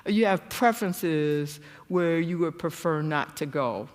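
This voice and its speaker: A woman giving a church seminar talk, telling stories animatedly and jumping to a high voice when she acts out quotes. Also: a little slow, a little mellow, big-room sound. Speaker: guest speaker. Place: church hall.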